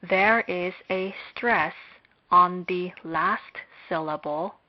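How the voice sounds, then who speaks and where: A woman giving a slow, scripted lecture on Hebrew, speaking in a measured, deliberate way with long pauses. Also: fairly low pitch. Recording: dull lo-fi recording.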